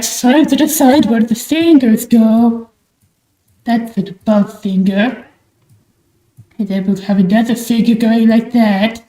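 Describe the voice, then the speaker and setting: High-voiced woman streamer with strained throat. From Australia. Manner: put-on high, theatrical bird-persona voice, loud and enthusiastic. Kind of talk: livestream chat while drawing. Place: small room at home at night. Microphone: desk mic with high gain. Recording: roomy echo.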